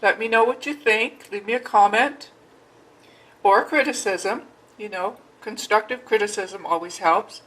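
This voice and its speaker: Her voice is mid-range and her pace measured, though the recording itself is rough. This woman vlogger chats casually in her home kitchen while mixing and tasting her baking for a cooking vlog, relaxed and talkative even as she eats.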